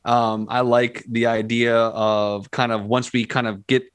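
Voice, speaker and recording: A man's voice: medium pitch, flat delivery, measured pace, smooth, no echo. A man defending a film he enjoyed in a casual panel chat, enthusiastic and stammering through restarts. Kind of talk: casual podcast discussion.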